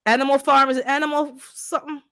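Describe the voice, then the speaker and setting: Animated woman telling garden stories. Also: high voice, quick pace. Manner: animated storyteller, acts out animal sounds. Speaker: co-host of a gardening live stream. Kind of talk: casual chat.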